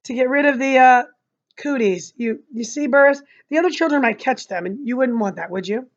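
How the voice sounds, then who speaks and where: A flustered young schoolteacher, as a woman reading aloud puts her on, anxious and halting. The voice sits a little high. The recording sounds dull and lo-fi. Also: natural voice.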